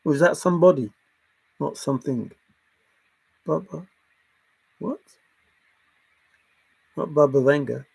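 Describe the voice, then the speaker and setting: A man's voice: on the high side, takes it slowly, gravelly, long pauses, darkish tone, breathy edge. A man hosting a livestream, chatting casually, laughing often and drifting from topic to topic as he reads the chat. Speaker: livestream host reading chat.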